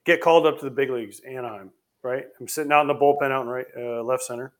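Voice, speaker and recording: A man, a former ballplayer co-hosting a podcast, telling a story in an animated, excitable way. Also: medium pitch, fast talker. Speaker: former pro baseball player, co-host.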